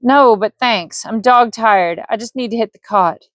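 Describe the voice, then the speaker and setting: A woman's voice: a little high, a little slow, dry recording, pitched above the performer's own voice, natural voice. A woman voicing a tired, blunt male wizard who asks short, laconic questions.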